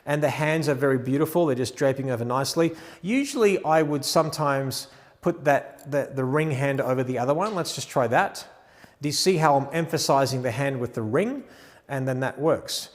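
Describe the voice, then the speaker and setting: A man teaching wedding photography posing, talking through each adjustment while gently directing a model. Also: medium pitch, moderate pace, big-room sound.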